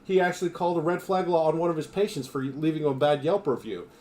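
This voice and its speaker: A man's voice: on the high side, quick pace, a little mellow. A man from the United States ranting his opinions in casual live-stream chat, swearing freely.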